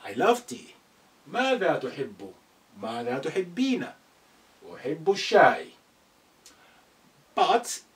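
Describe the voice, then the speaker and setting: Male Arabic teacher, mid-pitched, patient repeater, recorded at a distance. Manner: patient, repeats phrases slowly for learners. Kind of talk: classroom lesson.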